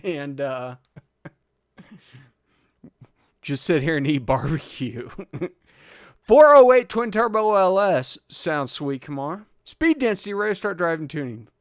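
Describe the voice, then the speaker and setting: A man chats easily on a live stream, answering viewer questions in a relaxed, rambling way and chuckling often. His voice sits a bit high for a man. The sound is close and dry, with no room echo. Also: measured pace, pauses often, clean tone. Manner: laid-back, chuckling often, reads chat aloud. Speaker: host of a live car tuning stream. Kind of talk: casual live stream chat.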